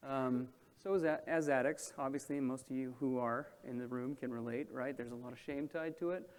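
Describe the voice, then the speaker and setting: A man's voice: mid-range voice, fairly even intonation, brisk. Conversational man moderating a panel. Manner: conversational, checks in with the audience. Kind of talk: presentation to an audience. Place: event room with audience.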